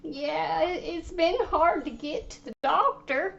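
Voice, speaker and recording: A woman with a very high, bright voice spins a rambling tale on a prank phone call. She talks slowly and stammers, restarting her sentences. The audio is a little muffled and lo-fi. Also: creaky. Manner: slow, halting, stammering storytelling. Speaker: prank caller posing as a frail lady.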